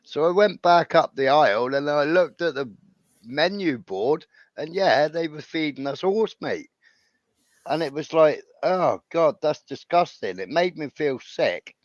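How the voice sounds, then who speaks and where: A man's voice: fairly high pitch, lively intonation, unhurried, dry recording. A man tells a casual, rambling story, often adding "right?" and "you know". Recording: dull lo-fi sound.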